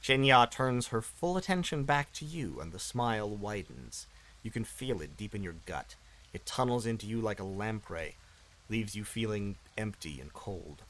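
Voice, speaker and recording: A man's voice: on the low side, lively intonation, moderate pace, fairly bright tone, slight background noise, poor audio. A man hosting a game playthrough, reading the story text aloud and chatting playfully between scenes. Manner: chatty, self-correcting, playful. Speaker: gaming channel host.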